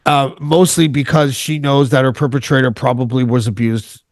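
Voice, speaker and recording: Canadian man guest, casual self-deprecating chatter, medium pitch, dry recording. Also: flat delivery, normal speed, no echo. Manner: joking, self-deprecating, rambling with restarts. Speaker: podcast guest. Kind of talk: casual chat.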